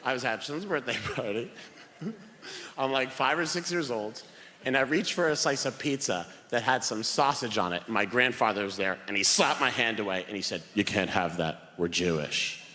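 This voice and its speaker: A young man doing a stand-up comedy set before a live audience, telling stories in an animated way and acting out characters in bursts. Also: mid-range voice, a little fast, slight background noise. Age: young adult. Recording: live venue with long hall reverb and faint ambience.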